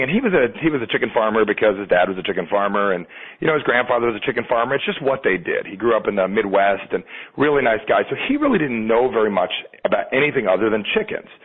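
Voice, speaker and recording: A man coaching an audience on discipline, rattling along at a quick clip. His voice is a little husky, and the recording has a narrow, phone-like tinny quality. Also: lowish voice. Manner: energetic storyteller, acts out quoted voices. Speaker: results coach. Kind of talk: motivational training talk.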